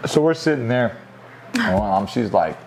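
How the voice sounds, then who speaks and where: A man's voice: mid-range voice, sing-song, measured pace, gravelly, a little mellow, slight background noise. A young man co-hosting a casual vlog, laid-back, retelling events in quoted dialogue. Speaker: vlog co-host. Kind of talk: casual storytelling to camera.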